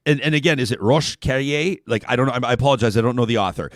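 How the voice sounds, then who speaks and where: A man's voice: medium pitch, very fast, hardly any pauses, no echo, studio quality. A man hosting a talk show, chatting casually and reading out a listener's email. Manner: animated, reads quotes in a raised voice.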